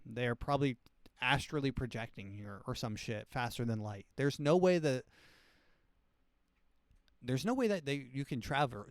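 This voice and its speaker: Smooth-voiced man doing a rambling comedy rant. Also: medium pitch, no room sound, studio quality. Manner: loose, profane, conspiratorial. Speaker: comedy podcast host.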